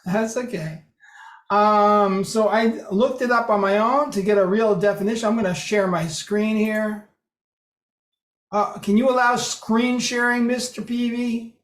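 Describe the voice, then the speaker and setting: A presenter talks an online group through a lesson in an easygoing, conversational way, often stopping to restart a sentence. The voice sits at an ordinary middle pitch. It comes through a video call with a noticeably roomy echo. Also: steady tone, a little slow.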